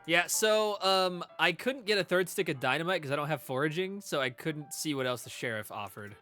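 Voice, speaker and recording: A man streaming a video game, chatty and quick to laugh as he reads along and talks to chat. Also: a little high, animated, bright, forceful tone, soft background music. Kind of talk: casual let's-play commentary.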